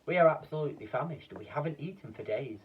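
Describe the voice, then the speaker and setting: A man's voice: fairly high pitch, expressive, fast talker, narrow, tinny audio, slight background noise, voice pushed up, natural voice. A man voicing a polite, apologetic giraffe in a children's story. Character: polite, hungry male giraffe.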